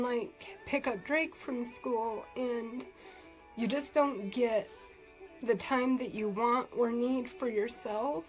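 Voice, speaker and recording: A tearful woman in her thirties talks slowly and unhurriedly on a live stream, her voice sitting a little high. She rambles through fillers while fighting back tears, with faint music playing behind her. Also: low-quality recording. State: crying. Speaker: vlogger doing a live stream. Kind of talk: casual live-stream chat.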